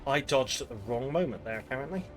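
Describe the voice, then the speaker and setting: A man's voice: mid-range voice, expressive, fast talker, music in the background. A young British man with a southern English accent, chatting playfully while streaming a game. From Britain. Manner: playful, self-mocking, tries silly voices. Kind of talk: live gameplay commentary.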